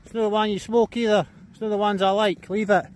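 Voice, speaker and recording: Walking his dog along a beach, a Scottish man talks fast in a high-pitched, level voice while filming himself. It's casual chat with swearing, and there's slight background noise.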